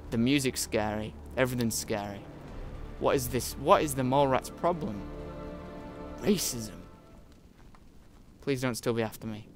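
A man's voice: medium pitch, moderate pace, long pauses, faint music behind. A young man giving jumpy, jokey let's-play commentary, often swearing as he plays. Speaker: gaming YouTuber.

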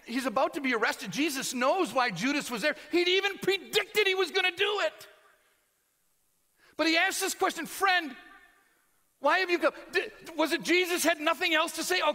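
American preacher in a big reverberant hall. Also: male voice, very high-pitched, animated, normal speed. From United States. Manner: dramatic swings from loud to near-whisper. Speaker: pastor. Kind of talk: sermon.

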